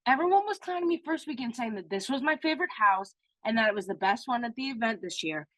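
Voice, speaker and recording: A woman co-hosting a podcast, gushing and excitable as she tells stories in casual chat. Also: on the high side, fast talker, no room sound. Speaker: podcast co-host.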